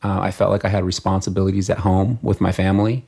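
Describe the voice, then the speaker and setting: A man with a very low, gravelly voice talks as a podcast guest. He recounts his past steadily and matter-of-factly. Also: flat delivery, fast, a little mellow. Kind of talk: casual interview chat.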